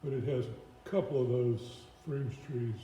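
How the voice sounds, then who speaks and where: A man in the audience making a halting, casual remark with fillers. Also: medium pitch, steady tone, warm tone. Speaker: audience member. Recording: distant dull echoey room audio, faint hiss.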